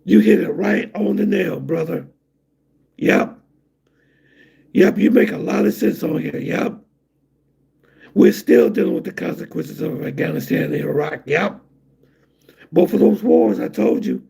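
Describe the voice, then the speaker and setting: A man's voice: high-pitched, vocal fry, mellow, husky. A man talking casually on a live stream in a rambling, conversational way, reacting to viewer comments. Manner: rambling, conversational, drawn-out asides. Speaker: vlogger reading chat comments.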